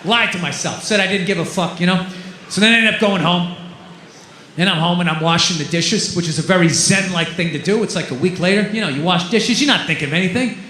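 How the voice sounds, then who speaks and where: A man performing a stand-up comedy routine, ranting and swearing, jumping from muttering asides to shouted outbursts. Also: high voice, fairly quick, slight background noise. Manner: loud, ranting, profane, swings between shouting and muttering. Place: comedy club stage. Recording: echoey live club room.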